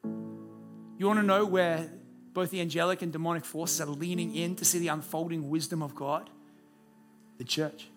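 A man's voice: fairly high pitch, fairly even intonation, normal speed, long pauses, over music. A man preaching a conversational sermon at a church service. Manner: conversational, rhetorical questions. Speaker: pastor.

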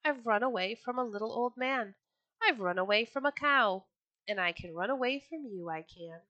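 A cheeky little gingerbread boy, as a woman puts him on, taunts everyone in a bouncing sing-song chant. The tone is bright and ringing, and the storybook voice sounds close and dry. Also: on the high side, lively intonation, normal speed, dry recording, muffled recording. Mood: taunting.

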